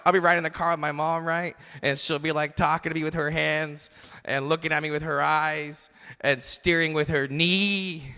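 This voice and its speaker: A man in his twenties doing a loose, swearing stand-up set on a comedy club stage, shouting in the bits. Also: fairly high pitch. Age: 20s. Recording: live stage mic in long hall reverb.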